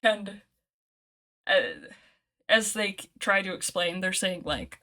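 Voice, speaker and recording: A woman running a tabletop role-play game, describing scenes in a casual, chatty way. Her voice is bright and clear at an ordinary pitch. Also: expressive, slow, long pauses. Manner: casual, laughing often. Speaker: game master.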